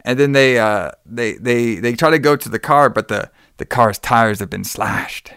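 A man in loose, casual conversation walks through a movie plot, swearing freely and slipping into the characters' voices. His voice sits at an ordinary middle pitch. The sound is dry and close. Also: moderate pace, a bit bright, clean tone, no echo. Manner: profane, rambling, acts out characters' lines. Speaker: podcast co-host recapping a movie. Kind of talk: casual chat.

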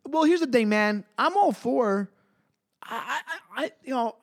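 A man's voice: very high voice, unhurried. A man, co-hosting a podcast and telling a story in casual chat, acting out the people he quotes. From New York. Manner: animated, acts out quoted voices loudly. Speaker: podcast co-host.

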